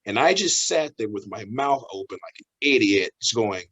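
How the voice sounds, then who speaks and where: A man, a professional wrestler, telling a story in a casual interview, animated and laughing as he acts out the voices of the people in it. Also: fairly low pitch, normal speed, few pauses, breathy edge, low-quality recording.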